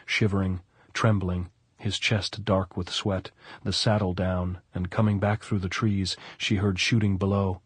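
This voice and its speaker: A man narrating a novel as an audiobook in an even, measured way. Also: deep voice, breathy edge, no echo. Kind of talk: scripted narration.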